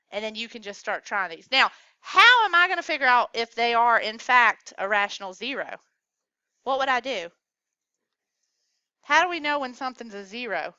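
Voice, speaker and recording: Bright, clear woman teaching math. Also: on the high side, animated, moderate pace, no room sound, dull audio. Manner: coaxing, asks the class questions. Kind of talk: classroom lecture. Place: classroom.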